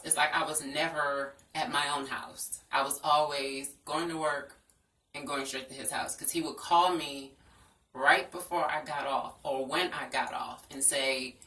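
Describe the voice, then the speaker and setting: A woman's voice: deep voice, fairly even intonation, measured pace, sharp tone. A young woman telling a personal story in a frank, earnest storytime vlog. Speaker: vlogger. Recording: echoey room, distant from the mic.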